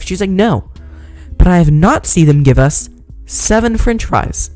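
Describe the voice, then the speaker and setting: A young man telling a rambling, animated story in a casual vlog. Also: on the high side, normal speed, faint music behind. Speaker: vlogger.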